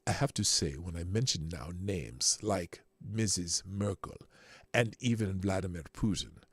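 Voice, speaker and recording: A man's voice: deep voice, a little slow, breathy edge, no echo, voice pushed down. A man putting on an impression of an older, boastful male business leader with a German accent.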